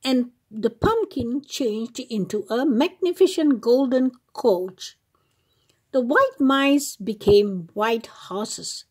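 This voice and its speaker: A woman hosting a children's channel, reading a fairy tale aloud in a slow, expressive way. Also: a little high. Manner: slow, expressive, sing-song read-aloud.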